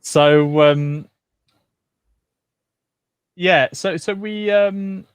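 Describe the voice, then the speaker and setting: A man's voice: sits high, extremely slow, clear, resonant tone, dry recording. A man with a Yorkshire accent hosting a university gaming stream in a casual, chatty way, hesitating often with fillers. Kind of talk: casual livestream chat.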